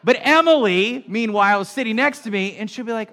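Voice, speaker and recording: A man's voice: high voice, fairly quick, hardly any pauses. A middle-aged male pastor preaching a sermon in a conversational style, acting out little everyday scenes as he goes. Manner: animated, conversational preaching with acted-out asides.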